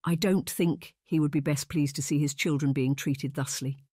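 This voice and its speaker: A woman's voice: sits low, steady tone, normal speed, mellow, breathy edge, no echo, clean studio sound. The narrator voicing a slender, proud young girl in a storybook who speaks earnestly and firmly.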